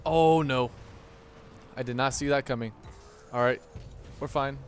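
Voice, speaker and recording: A young man hosting his gaming channel, giving excitable, mock-instructional commentary over gameplay with frequent swearing and outbursts. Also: medium pitch, normal speed, pauses often, a little hiss or hum.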